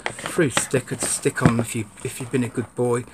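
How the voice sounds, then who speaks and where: A man's voice: medium pitch, little pitch movement, normal speed, noisy background. A man giving a casual, rambling unboxing chat, grumbling and swearing at his camera. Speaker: sneaker vlogger.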